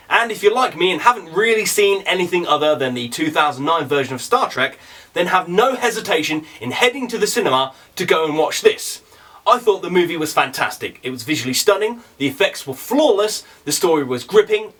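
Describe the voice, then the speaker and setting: A man's voice: on the high side, a bit bright, distant mic. A man co-hosting a casual film review, enthusiastic and jokey.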